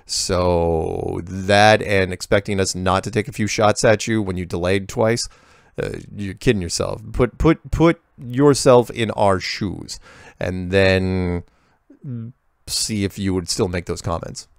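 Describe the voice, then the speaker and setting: Gravelly low-voiced man rambling casually. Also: takes it slowly, no echo, clean studio sound. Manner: rambling, with frequent restarts and sarcastic asides. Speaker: host answering viewer emails. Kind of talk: casual monologue reading emails.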